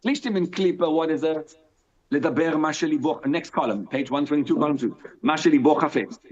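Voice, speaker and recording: In a live Torah class with dull lo-fi sound, a male rabbi teaches animatedly, asking and answering his own questions and reading Hebrew aloud. His voice is a little high and he speaks very fast.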